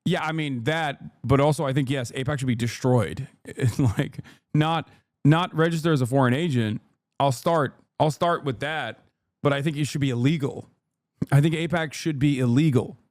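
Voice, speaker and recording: A man's voice: medium pitch, moderate pace, a little mellow, dry recording, studio quality. A man giving sarcastic, heated commentary on a clip during a live stream. He swears often.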